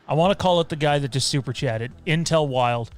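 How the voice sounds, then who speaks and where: A man's voice: on the high side, brisk, faint music behind. A man hosting a casual livestream from home, talking loosely with frequent fillers and some swearing. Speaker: podcast host. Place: home room.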